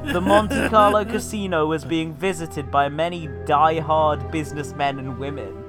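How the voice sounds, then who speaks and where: A man's voice: on the high side, moderate pace. A man reading a silly story aloud as a comedy podcast co-host, with theatrical delivery and laughing asides. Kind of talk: comic dramatic reading. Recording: podcast with music underneath.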